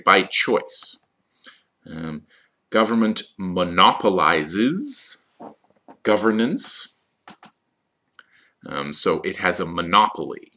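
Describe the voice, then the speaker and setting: Low-voiced guy explaining vocab slowly for esl learners, goes over words again. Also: bright, forceful tone. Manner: slow, explanatory, repeats key words. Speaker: ESL teacher. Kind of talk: vocabulary lesson.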